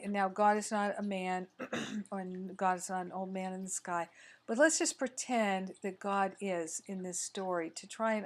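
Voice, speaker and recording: Slow, measured woman spiritual teacher. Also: mid-range voice. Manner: slow, measured, gently repetitive. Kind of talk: sermon.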